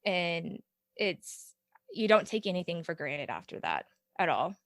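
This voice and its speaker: A woman's voice: fairly low pitch, sing-song, a little slow, no room sound. Woman in her 30s, earnest and reflective, laughs a lot, dry close mic. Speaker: podcast guest, parent mentor. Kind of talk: conversational interview.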